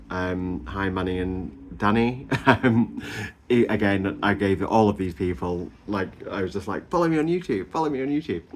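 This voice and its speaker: A man, chatting casually to camera in a gushing, animated way, full of ums and little laughs. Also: low voice. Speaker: vlogger. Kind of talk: casual chatty weight-loss update.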